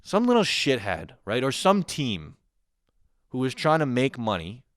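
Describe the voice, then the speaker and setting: A man's voice: mid-range voice, huge pitch swings, measured pace, fairly bright tone, no echo, clean studio sound. A man around thirty hosting his own show, ranting profanely and with exasperation, acting out imagined quotes along the way. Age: 30s. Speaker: podcast host. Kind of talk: comedic rant.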